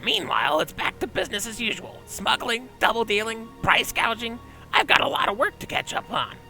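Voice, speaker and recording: A man voicing a greedy, scheming male goblin smuggler boss over game audio, with a raspy, nasal, theatrical delivery. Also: very high voice, big pitch swings, a little fast, sharp tone, soft background music, voice pushed up, full character voice, low-quality recording. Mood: gloating.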